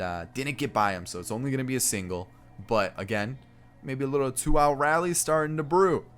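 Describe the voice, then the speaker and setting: Young man, gaming commentary, middle pitch, excitable, faint background music. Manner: excitable, exclaims over big plays. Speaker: gaming YouTuber. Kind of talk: video game commentary.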